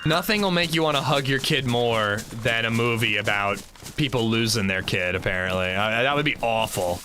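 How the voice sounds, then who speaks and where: A man's voice: mid-range voice, normal speed, sharp tone, slight background noise. A man with a sore throat, giving rambling, casual commentary on his gameplay with lots of fillers. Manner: rambling, loose, full of fillers. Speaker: gaming livestreamer.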